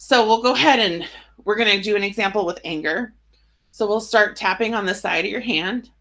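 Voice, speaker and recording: Woman, tapping guide; bright, clear tone; casual explainer who slows into gentle affirmations. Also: mid-range voice. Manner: casual, uses "right?" and "like" often.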